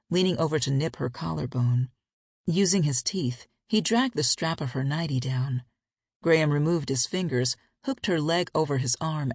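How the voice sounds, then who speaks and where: A woman narrates a romance audiobook in a steady, intimate way. Her voice has a gravelly fry and a breathy, husky grain. The recording is close and dry. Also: deep voice, no room sound.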